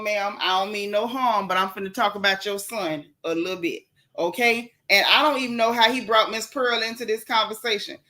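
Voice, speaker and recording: A woman's voice: a little high, fairly bright tone. A woman from Central Florida hosting a live stream, giving casual gossip commentary in a sassy, blunt way and greeting her viewers by name as she talks. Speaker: livestream gossip host.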